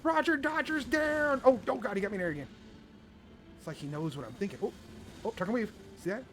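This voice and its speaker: A man giving playful, excited commentary while playing a video game with his son, exclaiming often. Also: high-pitched, fast talker. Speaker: gaming video host.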